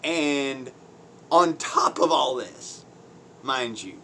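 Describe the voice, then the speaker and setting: A man's voice: mid-range voice, lively intonation, extremely slow, sharp tone, a little hiss or hum. A man ranting on his own channel in blunt, crude, mocking commentary, swearing heavily, using folksy slang and laughing between points. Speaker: vlogger.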